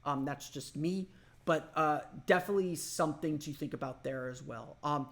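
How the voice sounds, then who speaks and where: A man's voice: fairly high pitch, normal speed, fairly bright tone. A man from Orlando hosting a solo sports podcast, thinking aloud in a loose, conversational way. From Orlando, Florida. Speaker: podcast host.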